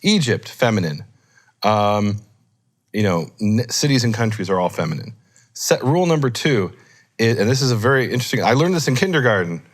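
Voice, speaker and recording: A man with a fairly low voice walks through grammar rules in an unscripted teaching chat. He thinks aloud, pauses on fillers and corrects himself mid-sentence. His delivery is explanatory and patient. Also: very animated. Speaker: Hebrew scholar teaching. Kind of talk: informal teaching discussion.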